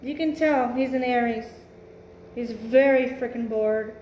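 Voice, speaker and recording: A woman's voice: fairly high pitch, unhurried, a little mellow, roomy sound, a little hiss or hum. A woman giving a casual tarot reading, blunt and emphatic, swearing freely and musing aloud. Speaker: tarot reader.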